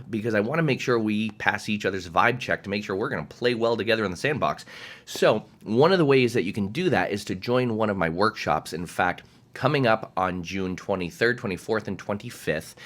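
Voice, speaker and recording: A man's voice: on the low side, fairly bright tone. A man giving a direct-to-camera motivational talk as a coach, emphatic and passionate, swearing freely.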